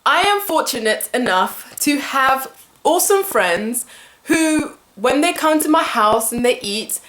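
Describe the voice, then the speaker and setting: A woman vlogger talks straight to camera in a fairly high voice, venting with animated exasperation and plenty of fillers. The room around her is echoey. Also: a little slow. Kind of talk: casual ranting vlog to camera.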